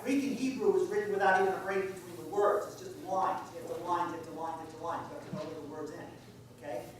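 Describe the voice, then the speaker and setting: A man's voice: high-pitched, fairly bright tone, a little hiss or hum. A male pastor giving an informal, conversational sermon, quizzing his congregation as he goes. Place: church sanctuary. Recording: echoey church from far off.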